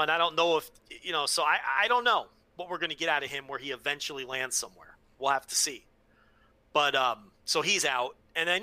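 A man's voice: a little high, sharp tone, no room sound. A man co-hosting a casual podcast, opinionated and talking with frequent restarts. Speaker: podcast co-host.

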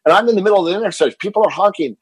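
Husky man in his fifties telling stories. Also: high-pitched, rapid-fire, no echo. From Texas. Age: 50s. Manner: animated storyteller, repeats words when excited. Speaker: guest, fitness entrepreneur. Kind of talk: interview storytelling.

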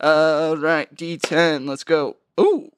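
A man with a high voice plays at a tabletop game, excitable and quick to giggle. He jumps in eagerly with his character's actions. The sound is dry and close. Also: smooth, dry recording. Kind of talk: casual game table chat.

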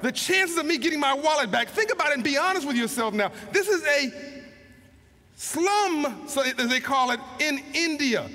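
A man with a very high, bright voice tells a story at a live event. His words ring out with a long reverb from a large hall. He trips over repeated words, then slows down to land his message. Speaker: motivational speaker. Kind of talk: storytelling speech to an audience.

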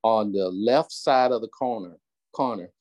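Caller: low-pitched Southern US man, halting, walks people through steps. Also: darkish tone. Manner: halting, explains step by step. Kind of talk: casual group call.

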